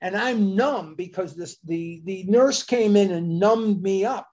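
A man's voice: high voice, a little slow, hardly any pauses, a little mellow. An older man sharing his story at a recovery meeting, earnest and confessional, with emphatic bursts. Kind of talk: personal storytelling share.

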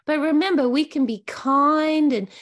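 A woman's voice: high voice, measured pace. Earnest woman sharing in recovery. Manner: earnest, heartfelt, with frequent restarts. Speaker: recovery workshop leader. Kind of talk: recovery meeting share.

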